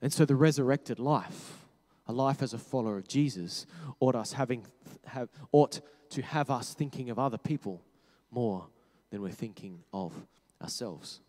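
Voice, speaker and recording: A man preaching a sermon, talking conversationally, correcting himself and dropping to quiet low tones for emphasis. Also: normal speed. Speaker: pastor. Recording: long hall reverb.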